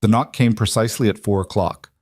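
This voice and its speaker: Male narrator, low voice, dry close mic; calm, measured scripted story reading. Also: no echo.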